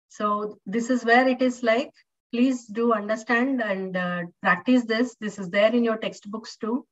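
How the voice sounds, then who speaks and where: A woman's voice: a little high, fairly even intonation, measured pace. A woman with an Indian English accent teaching a live online university English lesson, explaining patiently with many fillers and questions to her students. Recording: distant, muffled online-class audio.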